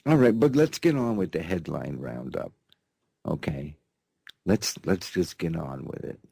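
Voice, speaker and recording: Gravelly, rambling male news host. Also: sits low, lively intonation, a little slow, mellow, dry recording. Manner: rambling, mocking, repeats himself. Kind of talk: sarcastic news commentary.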